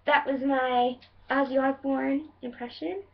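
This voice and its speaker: A woman's voice: sits high, steady tone, unhurried, vocal fry, slight background noise. A woman casually presenting her impression video, announcing each one in a chatty way. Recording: dull lo-fi sound from a distance.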